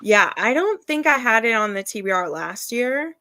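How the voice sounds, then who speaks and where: A woman's voice: a little high, big pitch swings, moderate pace, pushed and bright, dry recording. A woman hosting a live reading stream, chatting casually and laughing often as she gushes about books. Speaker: readathon host.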